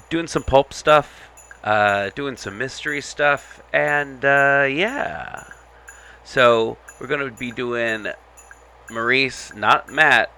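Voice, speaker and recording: Slow, gravelly man chatting loosely. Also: on the low side, bright, forceful tone. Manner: rambling and jokey. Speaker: book club host. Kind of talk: casual chat intro.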